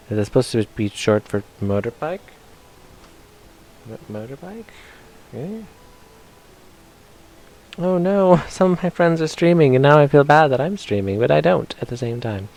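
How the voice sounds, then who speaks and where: A man's voice: medium pitch, creaky, a little mellow. Playful man streaming a game. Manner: chatty and playful, reads game text aloud in put-on voices. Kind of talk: casual live-stream commentary.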